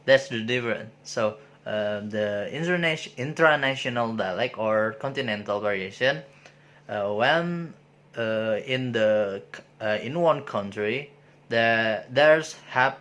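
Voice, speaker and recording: A man talks through an informal lecture at an unhurried, slow pace. He hesitates a lot, filling gaps with filler sounds and stopping to restart his phrases. His voice sits at an ordinary middle pitch. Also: fairly bright tone. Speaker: presenter explaining sociolinguistics.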